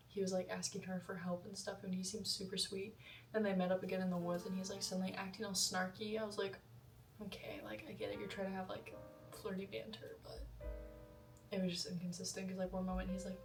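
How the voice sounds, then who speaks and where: A woman's voice: mid-range voice, fairly bright tone. A young woman vlogger chatting about a film in a rambling, casual way, full of fillers and asides. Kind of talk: casual film review monologue. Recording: roomy echo, voice a bit far from mic.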